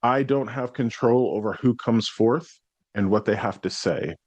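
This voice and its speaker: An American man hosting a solo podcast as a psychic medium, talking in a reflective, explanatory way and clearing his throat now and then. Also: mid-range voice, normal speed, a little mellow, no echo, dull audio. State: worn out after burnout.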